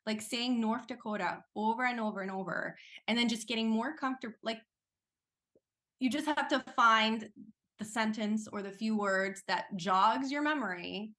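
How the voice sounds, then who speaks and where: A woman actress, a guest in a casual interview, talking in a chatty, animated way with quick laughs. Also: fairly high pitch.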